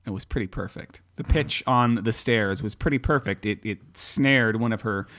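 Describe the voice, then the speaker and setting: A man's voice: mid-range voice, moderate pace, fairly bright tone. A man co-hosting a podcast in casual chat, playful and rambling with lots of restarts, on a table microphone. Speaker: podcast co-host.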